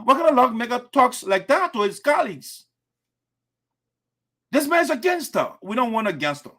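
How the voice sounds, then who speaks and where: A man's voice: very high-pitched, a bit bright. A man hosting political radio commentary, scornful and lecturing. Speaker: host.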